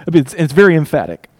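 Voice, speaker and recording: Male preacher, slightly high voice, emphatic sermon delivery with loud-to-hushed dynamic swings. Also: breathy edge. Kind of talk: expository sermon.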